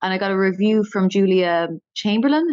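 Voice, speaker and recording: A woman's voice: mid-range voice, brisk, a little mellow, clean tone, no room sound, dull audio. A woman with an Irish accent, a stand-up comedian talking in a casual interview, rambling and self-deprecating. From Ireland.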